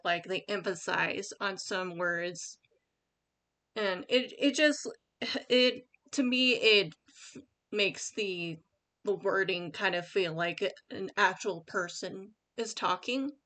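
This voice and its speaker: Slow, bright-voiced young woman giving tips. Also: lowish voice. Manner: rambling, many fillers and restarts; reads her own sample paragraph aloud. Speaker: writing tips host. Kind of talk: casual screen-share tutorial.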